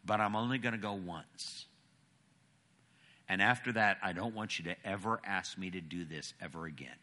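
A man preacher voicing a stubborn elderly grandmother who flatly refuses to go to church, loud and insistent. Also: low voice, moderate pace. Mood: grudging.

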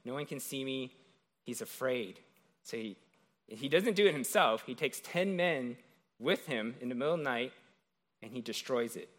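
Man preaching, conversational sermon, mid-pitched voice, keeps asking right?. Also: animated, normal speed. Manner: conversational, often asks "right?".

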